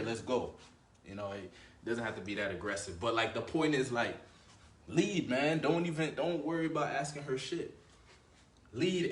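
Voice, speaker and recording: A man's voice: mid-range voice, echoey room. A man giving blunt, profane dating advice in a casual monologue, with a swaggering manner and lots of filler words. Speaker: dating coach.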